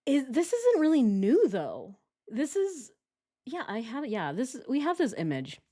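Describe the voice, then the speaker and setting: A woman's voice: sits high, huge pitch swings, unhurried, warm tone. Sarcastic giggly woman streamer. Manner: sarcastic, giggly, talks to chat. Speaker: true crime livestream host. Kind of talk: casual reactive commentary.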